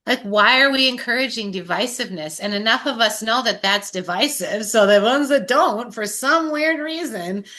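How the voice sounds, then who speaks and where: A woman's voice: a little high, moderate pace, few pauses, bright, forceful tone. A woman talking in a casual recovery group chat, impassioned and rambling, swearing and laughing as she goes, her voice a little strained. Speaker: sober group member.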